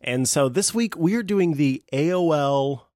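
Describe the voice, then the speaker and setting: A man's voice: on the high side, expressive, a little slow, darkish tone, no room sound, clean studio sound. A man hosting a casual tech podcast, chatty and full of fillers, laughing often. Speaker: podcast host.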